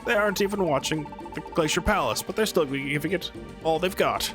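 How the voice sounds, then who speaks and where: A man's voice: on the high side, a little fast, music in the background. A man co-hosting a let's play, reading game dialogue aloud with earnest drama.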